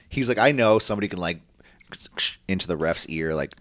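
Animated low-voiced man chatting. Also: fast talker, no echo. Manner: animated, swears, acts out quotes. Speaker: wrestling podcast co-host. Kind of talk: casual chat.

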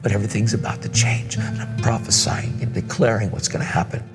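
Man, low voice, lively sermon storytelling, echoing hall, music behind. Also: fast talker. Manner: animated storyteller, acts out voices, says dude and man. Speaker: guest preacher. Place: church hall. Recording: reverberant church hall with music.

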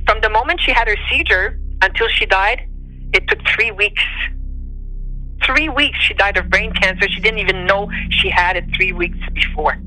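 Faint music plays behind a rough recording of a woman with a mid-range voice talking at a moderate pace. She is a native French speaker from Montreal, Canada, with a Quebec French accent, a storyteller guest relating a personal story emotionally and animatedly, her voice going up on quoted speech.

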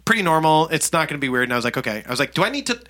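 A man's voice: fairly high pitch, racing. A man co-hosting a casual podcast, telling a funny story with laughs and acted-out dialogue. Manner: animated, laughing, acts out dialogue. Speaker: podcast co-host.

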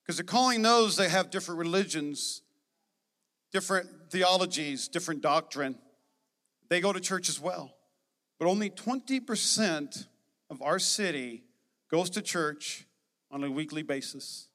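A pastor with a high, bright, forceful voice preaches energetically at a measured pace, stressing his points and tossing joking asides to the congregation. The church sanctuary gives his sermon a long, ringing reverb.

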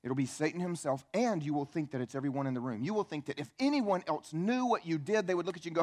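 A man preaching a church sermon, swinging between quiet, intimate asides and loud, emphatic peaks. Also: fairly high pitch, quick pace, few pauses. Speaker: pastor. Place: church sanctuary.

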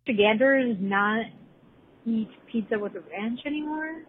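A woman's voice: fairly high pitch, measured pace. Give me a woman caller on a tinny phone line with faint noise behind her. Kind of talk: phoned-in mock news report.

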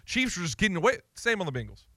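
Male sports radio host, bright lively voice, blunt and excitable. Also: sits high, very fast, no room sound, studio quality.

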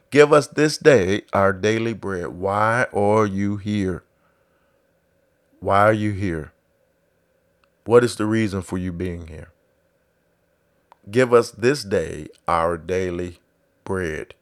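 A man preaching a sermon who starts low and quiet, then builds to loud exhortation with repeated refrains and acts out biblical voices. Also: animated, measured pace.

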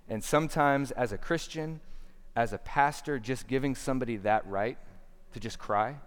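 A man in his thirties preaches with earnest conviction. His voice is smooth and resonant, and it carries a long reverb from a large hall. He drops to a near hush, then swells to emphatic points. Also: medium pitch. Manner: earnest, swings between hushed and emphatic. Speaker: pastor. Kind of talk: sermon.

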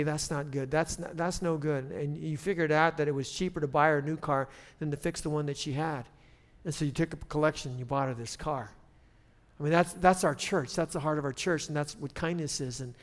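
A pastor delivers a sermon, starting out conversational with some restarts before rising into loud, emphatic preaching. His voice is on the high side.

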